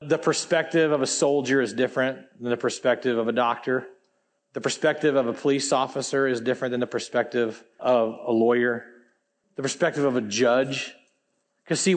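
A man's voice: medium pitch, a little fast. A man in his forties, a pastor preaching a sermon on stage in a church, reading scripture aloud and adding emphatic, conversational asides. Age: 40s.

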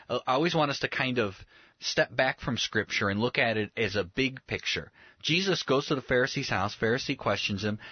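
A man giving conversational Bible teaching, emphatic and animated, acting out little scenes with humor. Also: mid-range voice, breathy edge, no room sound, highs cut off.

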